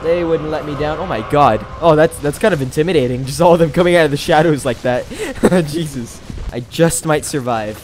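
A man giving excitable let's-play commentary, often breaking into high yelps and laughter. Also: fairly quick, slight background noise. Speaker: gaming video creator. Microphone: new microphone.

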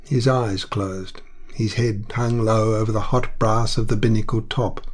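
Brief: male audiobook narrator, low and steady, measured delivery.

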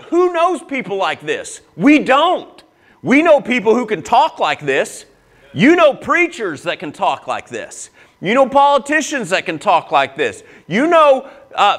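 A man's voice: high-pitched, a bit bright. A man preaching a sermon as a pastor, earnest and emphatic, with a personal, confessional tone and frequent restarts.

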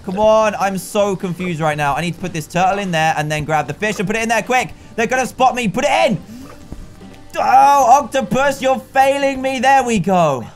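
A man with a noticeably high voice narrates his own gameplay as a YouTuber. He is excitable and often laughs, talking to himself about what is happening on screen. Faint game music plays behind him. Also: fairly quick, few pauses. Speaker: gaming YouTuber. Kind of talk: let's play commentary.

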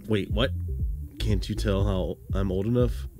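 A man's voice: fairly low pitch, fairly even intonation, unhurried, music in the background. A man hosting a casual let's-play, joking and reading the game text aloud. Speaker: gaming channel host.

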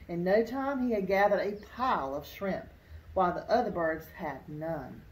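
A woman's voice: on the low side, moderate pace. A woman teacher reading a storybook aloud to children, expressively pointing out things in the pictures as she goes. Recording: roomy echo.

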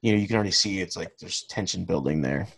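A man with a low, husky voice talks through a podcast in loose, rambling casual chat. He trips over his words and restarts often, with plenty of fillers. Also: fast talker. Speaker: podcast co-host.

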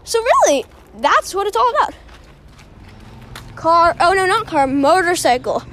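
A young host rambling through a silly, self-mocking podcast while out on a walk, short of breath. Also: female voice, very high voice, sing-song, unhurried, fairly bright tone. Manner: silly, self-mocking, jumps between topics. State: out of breath from walking. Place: outdoors on a walk near a road.

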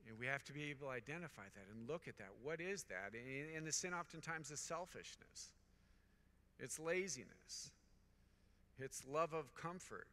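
A man's voice: medium pitch, sharp tone, in a large hall. A middle-aged man, a priest, preaching a conference homily to fellow priests in an earnest, repetitive cadence, telling anecdotes. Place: large conference hall.

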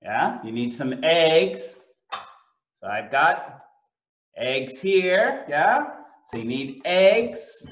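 A man teaching English through a cooking lesson, speaking slowly and repeating and translating words for learners. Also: on the high side, very animated, a bit bright, reverberant, muffled recording.

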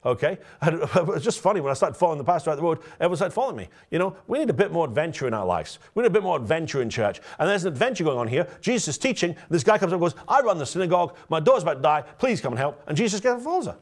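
A man's voice: fairly high pitch, very fast, few pauses. A man, a pastor, preaching a conversational sermon and telling stories directly to his congregation. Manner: storytelling, lively and direct, addresses the congregation.

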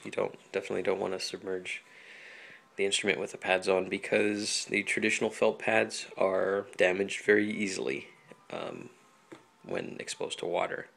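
A man from Hawaii, a flutist, explaining instrument care in a relaxed, chatty home tutorial full of ums and small laughs. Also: deep voice, moderate pace, vocal fry. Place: home apartment.

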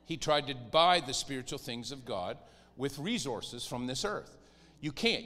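A high, bright-voiced man preaches with lively swings in pitch, acting out whiny pleas along the way. His voice rings through a church hall with a long reverb tail. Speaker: pastor. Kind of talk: sermon.

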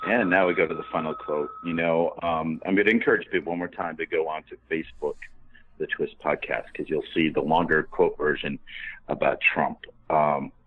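Deep-voiced man on a tinny line. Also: fairly even intonation, normal speed. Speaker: podcast co-host. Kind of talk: casual podcast chat.

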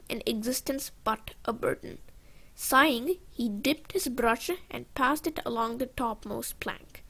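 A woman reading a classic novel aloud, expressive and dropping to a hushed near-whisper on the gloomy passages. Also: on the high side, vocal fry, low-quality recording. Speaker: audiobook reader. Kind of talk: storybook read-aloud narration.

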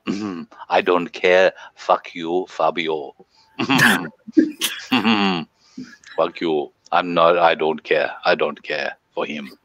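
A man putting on a very deep, smooth-talking romance scammer. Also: fairly even intonation, a bit bright, no echo, highs cut off, exaggerated voice. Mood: flirty. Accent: put-on Nigerian. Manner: slow, smooth, flirty, breaks into laughs. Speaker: co-host. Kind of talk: comedy live stream role-play.

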